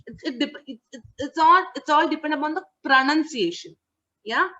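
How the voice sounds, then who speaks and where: A woman's voice: high voice, lively intonation, moderate pace, sharp tone. A woman teaching an online class, patiently repeating words and checking that students follow. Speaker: English teacher. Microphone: video call. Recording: muffled online call audio.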